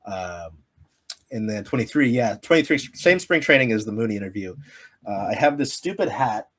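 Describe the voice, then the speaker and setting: Laughing, rambling American sports reporter. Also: male voice, fairly low pitch, lively intonation, moderate pace, fairly bright tone. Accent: Pacific Northwest American. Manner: rambling, laughs often, many fillers. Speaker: sports media creator, guest. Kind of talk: casual podcast interview storytelling.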